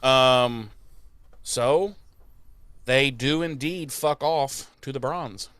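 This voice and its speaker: A man co-hosting a podcast in casual recap chat, profane and animated, often mocking characters. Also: medium pitch, very slow, clear, resonant tone, dry recording. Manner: animated, profane, mocks characters in put-on voices. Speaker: podcast co-host.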